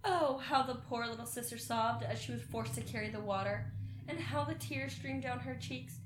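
A woman reading a fairy tale aloud in a steady storytelling manner. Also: on the high side, normal speed, echoey room, a little hiss or hum. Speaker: reader.

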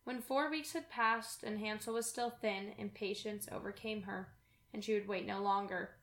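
A woman reading a fairy tale aloud in a clear storytelling manner. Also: mid-range voice, fairly even intonation, normal speed, fairly bright tone, roomy sound. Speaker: reader.

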